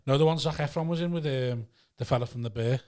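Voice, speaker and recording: Fast-talking man in casual banter. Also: mid-range voice. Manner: swearing, animated storytelling with acted-out quotes.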